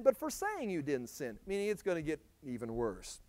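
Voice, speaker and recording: A middle-aged man teaching through scripture with a high, lively voice. He talks in a loose conversational way, full of restarts, and jumps from loud emphatic bursts to hushed asides. The sound is dry and close. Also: normal speed, hardly any pauses, dry recording. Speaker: Bible teacher. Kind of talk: verse-by-verse Bible teaching.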